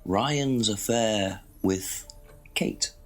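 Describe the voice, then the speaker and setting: A man's voice: fairly low pitch, extremely slow, soft background music. A man playing a campy, theatrical police detective in a live-action game, firing off overacted, pointed questions. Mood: pressing.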